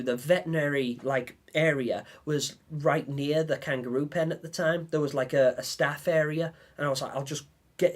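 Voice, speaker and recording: Young male streamer with a slightly high voice, animated storytelling on a live stream. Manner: animated, acts out his own panicked lines. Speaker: livestream host.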